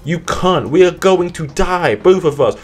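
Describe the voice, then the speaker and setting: A man's voice: high voice, lively intonation, measured pace, faint music behind, pitched above the performer's own voice. A man voicing a panicked middle-aged father who curses and insists.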